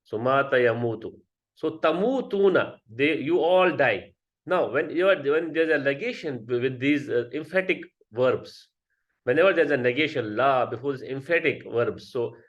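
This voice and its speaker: A man's voice: medium pitch, expressive, moderate pace. A man teaching a grammar class, explaining step by step and often checking with students. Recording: dull lo-fi sound.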